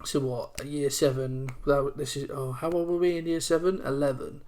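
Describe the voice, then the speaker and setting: Young guy, mid-pitch, loose rambling podcast chatter. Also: little pitch movement, a little mellow. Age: 20s. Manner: chatty, rambling, reads aloud haltingly. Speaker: podcast co-host. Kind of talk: casual chat.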